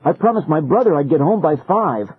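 A man's voice: fairly high pitch, animated, brisk, breathy edge, pitched above the performer's own voice. A man voicing a playful, wisecracking teenage boy in a teasing, raised voice. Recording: phone-like narrow band, dry.

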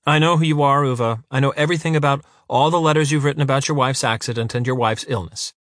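A smug council official talks down to people with brisk, unshakable calm, as a male narrator puts him on. He speaks quickly and evenly, as if the matter were settled. The recording is dry and close. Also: medium pitch, no room sound, pitched above the performer's own voice, lightly acted. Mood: smug condescending.

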